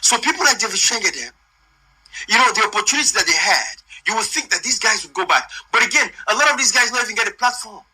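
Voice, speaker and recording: A man's voice: sits high, animated, fast, sharp tone, slightly rough, low-quality recording. A man from Sierra Leone with a Sierra Leonean accent giving rambling casual commentary as host, slipping pidgin into his English. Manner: rambling, mixes pidgin into English, many fillers.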